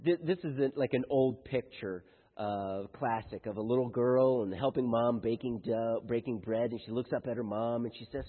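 A man reading humorous cards aloud to a congregation in a light-hearted way, stumbling over words now and then. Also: mid-range voice. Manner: jokey, halting reader who stumbles over words. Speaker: speaker reading Mother's Day cards to an audience. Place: large hall with house lights. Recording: echoey hall on a thin phone-like line.

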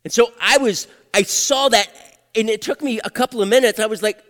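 Older guy pastor, kinda high voice, emotional sermon story, big reverby church sound. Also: brisk. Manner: emotional, dramatic swings from hushed to loud. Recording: long hall reverb.

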